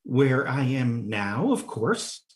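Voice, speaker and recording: Indignant storybook girl, plaintive and high, put on by a male preacher reading aloud; slow, swooping delivery. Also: sing-song. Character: young girl, earnest and indignant.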